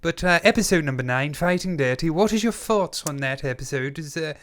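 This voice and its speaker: A man co-hosting a reaction video, doing a posh English gentleman with a pompous, theatrical drawl. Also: mid-range voice, little pitch movement, fast talker, gravelly, no room sound. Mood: grand. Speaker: co-host.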